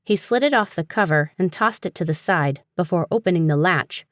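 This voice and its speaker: A woman reading a humorous fantasy audiobook in a steady, even storytelling manner. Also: on the low side, a little fast, no echo, studio quality. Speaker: audiobook narrator. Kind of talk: scripted narration.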